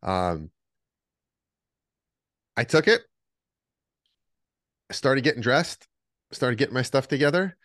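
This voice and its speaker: A man chatting on a podcast, telling animated stories and acting out what people said. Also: mid-range voice, slow, pauses often, no room sound, studio quality. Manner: animated storyteller, acts out the voices in his stories. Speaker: podcast co-host. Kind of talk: casual podcast chat.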